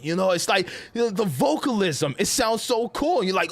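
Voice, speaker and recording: Animated rambling streamer with a New York accent. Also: male voice, sits high, moderate pace, hardly any pauses. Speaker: gaming streamer. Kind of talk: casual live-stream commentary.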